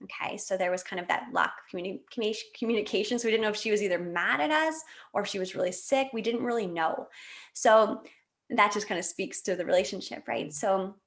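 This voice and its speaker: A woman's voice: medium pitch, quick pace. A woman in her late thirties from Canada, telling a personal story in a casual interview with many fillers and restarts. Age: 30s. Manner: animated, emotional, lots of fillers and restarts. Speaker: podcast guest.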